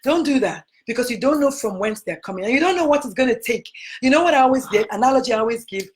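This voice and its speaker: A woman's voice: a little high, animated, fast talker, a little hiss or hum. Emphatic Nigerian woman, preacherly. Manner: preacherly, emphatic, repeats phrases. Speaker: physician host. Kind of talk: motivational talk.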